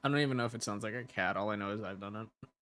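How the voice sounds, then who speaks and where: A man's voice: on the low side, racing, fairly bright tone. A man hosting a casual livestream who laughs often and rambles in a self-deprecating way while he reads chat messages aloud and answers them. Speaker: ASMR creator hosting a livestream.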